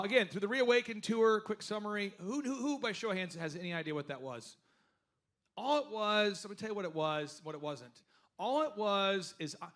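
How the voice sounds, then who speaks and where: Animated man talking to a workshop crowd. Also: high-pitched. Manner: animated storytelling, asks the audience questions. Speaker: host. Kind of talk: live workshop talk.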